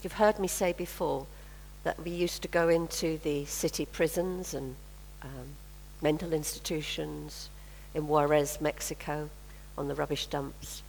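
An older woman preaching a lively sermon to her congregation, calling out for responses. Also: sits low, measured pace, creaky, a little hiss or hum. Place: church hall. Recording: hall reverb.

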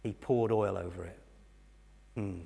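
Earnest English preacher in an echoing hall. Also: male voice, fairly low pitch, steady tone, a little slow, vocal fry. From England. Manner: earnest storytelling, dropping to soft intensity. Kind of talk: sermon. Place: church hall. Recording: long hall reverb.

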